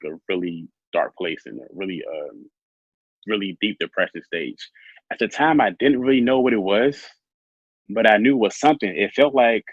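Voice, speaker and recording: A man telling his own story as an interview guest, soft-spoken and halting with many fillers. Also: fairly low pitch, no room sound, lo-fi sound.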